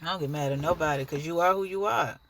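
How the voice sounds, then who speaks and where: A woman's voice: low voice, fast, slight background noise. A woman giving a blunt, profane, preachy monologue straight to the camera in her own vlog. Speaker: dancer and vlogger.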